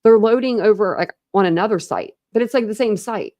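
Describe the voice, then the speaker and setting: A woman's voice: medium pitch, brisk, mellow, no room sound, highs cut off. A young woman from Ohio hosting a casual true crime livestream, rambling and chatty with lots of fillers and restarts. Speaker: true crime channel host. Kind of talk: casual livestream chat with viewers.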